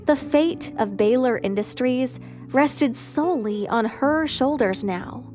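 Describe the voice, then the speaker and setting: A woman narrates a scripted drama at an unhurried, deliberate pace. Her voice sits a little high. A soft guitar track plays faintly underneath. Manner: slow, even storytelling delivery.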